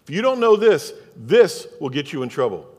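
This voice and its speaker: Southern male pastor, emphatic repeating sermon style, slightly high-pitched, recorded in an echoing sanctuary. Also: very animated, normal speed, a little mellow, husky. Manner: preaching with rhetorical questions and emphatic repetition. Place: church sanctuary. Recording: long reverb of a church hall.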